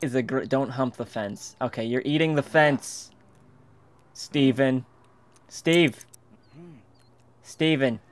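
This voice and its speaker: A man's voice: mid-range voice, slow pace, pauses often. A young man in casual game commentary, goofy and rambling, who keeps slipping into silly voices. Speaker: gaming commentator. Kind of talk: casual let's play commentary.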